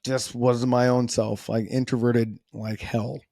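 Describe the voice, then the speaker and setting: Dude rambling on his podcast, laid back and self-deprecating, dry close mic, mid pitch. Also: little pitch movement, unhurried, creaky, mellow, no room sound. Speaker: podcast host. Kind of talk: casual solo podcast monologue.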